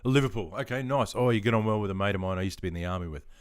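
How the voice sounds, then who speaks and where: Aussie bloke chatting on a live stream, relaxed and rambly, lots of ums, deep voice. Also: male voice, racing, clear, resonant tone, no room sound, studio quality. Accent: Australian. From Australia. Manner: relaxed, rambling, chuckles often, many ums. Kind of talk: casual live stream chat.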